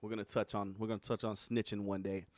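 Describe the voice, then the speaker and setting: A man hosting a livestream in casual, profane commentary, animated and often laughing. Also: lowish voice, fast, dry recording, clean studio sound. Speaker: livestream host.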